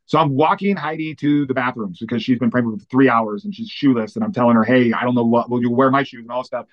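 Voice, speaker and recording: A man who works as a pastor, telling lively personal stories in an interview with lots of fillers and restarts. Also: medium pitch, muffled recording. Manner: animated, fast-running anecdotes with many fillers. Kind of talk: storytelling in an interview.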